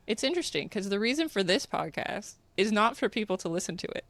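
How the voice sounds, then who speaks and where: A woman's voice: medium pitch, a bit bright, dry recording. A woman with a Canadian accent hosting a podcast, chatting casually and laughing often as she teases herself. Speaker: podcast host. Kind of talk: casual chat.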